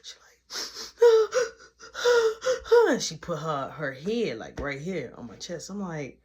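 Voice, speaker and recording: A young man tells a casual storytime in a high voice that swings up and down. He acts out each quote with animation and sometimes sinks into a hushed voice. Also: sing-song, normal speed. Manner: drops to a hushed voice for tender moments.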